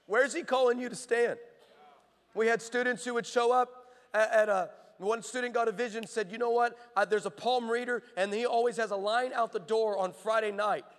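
A man's voice: very high-pitched, fairly even intonation, brisk. A man preaching a sermon, telling stories and building to fervent, repeated calls. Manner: builds to impassioned shouting, rhythmic repetition. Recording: long hall reverb.

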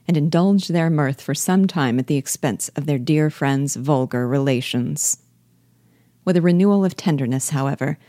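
A woman reading a classic novel aloud with measured, expressive narration. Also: deep voice, no room sound, studio quality. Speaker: reader and teacher.

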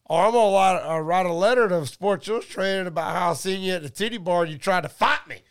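A man in his forties with a high-set voice and a gravelly crackle running through it. He is a guest on a podcast, spinning a loud, profane story with plenty of swagger. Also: quick pace. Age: 40s. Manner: rowdy, profane, animated storyteller. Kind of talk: casual storytelling.

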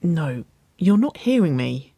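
A reader voicing a squealing, excitable big sister. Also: medium pitch, takes it slowly, creaky, slightly rough, no room sound, heavily acted. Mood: bossy. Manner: loud, squealing, exclamatory. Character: excitable young woman, bossy teasing older sister.

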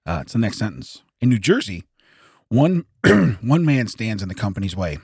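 Husky-voiced man reading news, laughing. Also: fairly low pitch, sing-song, darkish tone, no room sound, studio quality. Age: 40s. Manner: laughs often, reads haltingly. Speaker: podcast co-host. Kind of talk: casual chat, reading news aloud. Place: podcast studio.

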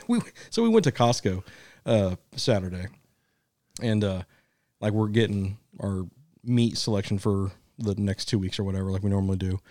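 A man's voice: fairly low pitch, moderate pace, darkish tone, no room sound, clean studio sound. A man co-hosting a podcast, telling a rambling story with frequent laughs and casual swearing. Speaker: podcast co-host. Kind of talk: casual chat.

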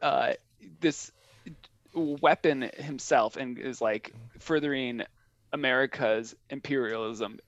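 A man's voice: mid-range voice, slow, fairly bright tone, dry recording, lo-fi sound. Wry man with a dry, close voice. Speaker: podcast co-host. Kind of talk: casual podcast chat.

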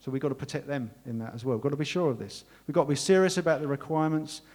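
A man delivers a sermon to his congregation. His voice sits a little higher than most men's. He speaks earnestly and with warmth, as a pastor would. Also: racing. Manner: earnest, warm, emotional thanks. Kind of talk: sermon and closing prayer.

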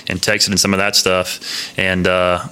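Man, coach guest, low pitch, bright tone, relaxed chat. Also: a little slow, clean tone. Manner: relaxed storytelling with fillers. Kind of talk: casual interview chat.

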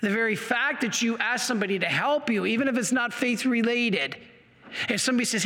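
Lecturer, man, passionate and fired up, bright high voice, long hall echo. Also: animated, a little fast. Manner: passionate, gets worked up. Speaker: Catholic apologetics speaker. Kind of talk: apologetics lecture with slides.

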